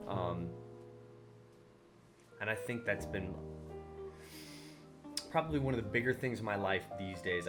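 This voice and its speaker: A man hosting a casual solo podcast, rambling through his thoughts with lots of fillers and animated bursts when he retells his own anger. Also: fairly low pitch. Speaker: podcast host.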